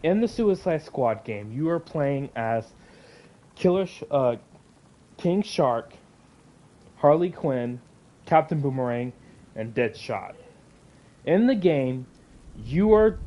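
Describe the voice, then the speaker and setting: A man's voice: fairly high pitch, dark tone. Angry swearing male gaming vlogger. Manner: sighs often, swears, drops to mutters between outbursts. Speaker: gaming and comics channel host. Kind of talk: angry profane rant to camera.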